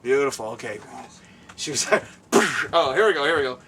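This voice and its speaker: A man hosting a casual interview at a guest's home, excitable and rambling, laughing often, recorded from a distance. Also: mid-range voice, moderate pace, slight background noise. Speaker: show host. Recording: distant mic, faint room ambience.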